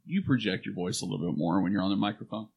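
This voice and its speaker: A man's voice: low voice, racing, gravelly, dull audio. Man with a projected radio voice. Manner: projected radio-style delivery with frequent restarts. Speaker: podcast co-host. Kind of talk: casual chat. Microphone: studio microphone.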